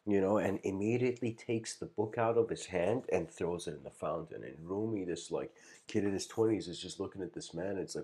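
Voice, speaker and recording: A man's voice: deep voice, moderate pace, darkish tone. A man giving a livestreamed spiritual lecture, telling a story in a rambling way with many restarts and "you know"s.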